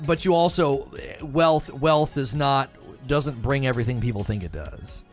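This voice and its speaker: A man's voice: measured pace, faint music behind. A man delivering emphatic opinion commentary, repeating and restarting his points and getting more heated as he argues. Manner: grows more heated and rises in pitch as he argues.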